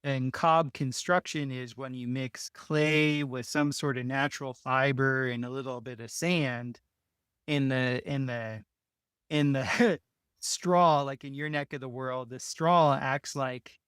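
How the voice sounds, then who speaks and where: Here a builder guest in an interview spins a casual story slowly, rambling, restarting often, and laughing between phrases. His medium-pitched voice is fairly even in intonation, fairly bright, clear, and resonant. It's a dry recording with clean studio sound.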